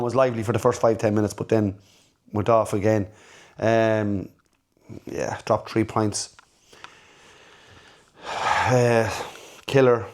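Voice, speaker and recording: Guy, fairly low voice, rambling fan chat, blunt and repeats himself a lot. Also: a little mellow. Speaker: football fan channel host. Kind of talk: casual fan reaction chat.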